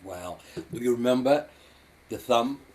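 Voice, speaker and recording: A man's voice: mid-range voice, unhurried. A man in his twenties teaching a live drumming lesson, counting the beats aloud and encouraging learners. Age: 20s. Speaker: drum facilitator. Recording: drums playing loudly behind.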